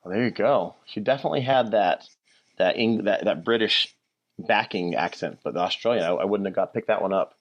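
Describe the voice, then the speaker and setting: A man co-hosting a podcast in casual chat, reacting quickly and with enthusiasm. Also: fairly low pitch, highs cut off. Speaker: guest co-host.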